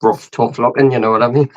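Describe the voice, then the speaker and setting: A hoarse, hung-over man rambling as a guest on a casual video call show. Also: medium pitch, steady tone, a little fast, muffled recording. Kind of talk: casual chat.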